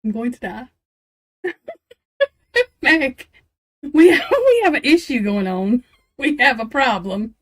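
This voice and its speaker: A high-pitched woman hosting a live tarot reading, talking straight to her viewers in a loose, casual way. She sounds flustered and giggly, and laughter breaks into her lines as she goes. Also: sing-song, takes it slowly, pauses often. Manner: talks straight to viewers and chat. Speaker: tarot reader on a live stream.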